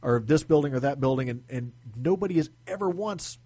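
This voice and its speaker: A man co-hosting a radio talk show, a plainclothes police officer telling quick, chatty anecdotes with stammered restarts. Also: fairly high pitch, animated, mellow, slightly rough, dry recording. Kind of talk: casual radio chat and storytelling. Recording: dull lo-fi radio studio sound.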